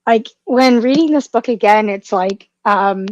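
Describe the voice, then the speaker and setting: A woman's voice: a little high, unhurried, dry recording, muffled recording. A woman co-hosting a casual podcast chat, gushing and emotional, with frequent restarts and fillers. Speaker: podcast co-host.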